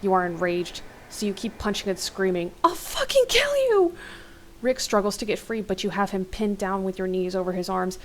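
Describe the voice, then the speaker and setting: A woman narrates a horror story in a steady, mid-pitched voice, breaking off now and then for quick reactions. A faint hiss sits under her. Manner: steady narration broken by exclaimed asides. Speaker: let's play host. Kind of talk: reading an interactive novel aloud with asides.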